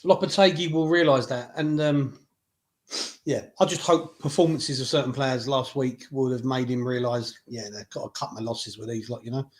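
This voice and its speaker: A man's voice: medium pitch, fairly even intonation, moderate pace. A man co-hosting a casual football chat, chatty and teasing his co-host. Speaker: podcast co-host.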